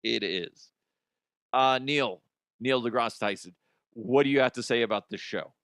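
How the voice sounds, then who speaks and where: A man's voice: mid-range voice, unhurried, a bit bright, dry recording. A man hosting a comedy podcast, ranting about odd news in an exaggerated way, laughing at his own jokes, close to the mic. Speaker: podcast host.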